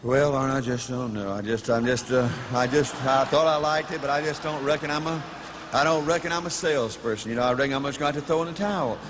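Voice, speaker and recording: A man's voice: medium pitch, fairly even intonation, quick pace, voice pushed down, close to an everyday voice. A man voicing a discouraged male coach who mumbles hesitantly about quitting. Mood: dejected. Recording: reverberant hall, faint noise.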